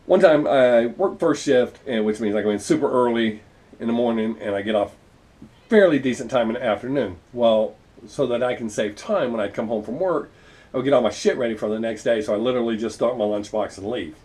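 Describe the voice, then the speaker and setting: A man's voice: mid-range voice, brisk, darkish tone. A middle-aged man telling wry, profane stories about raising his children in a casual vlog monologue. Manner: wry, profane, self-deprecating storyteller. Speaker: vlogger.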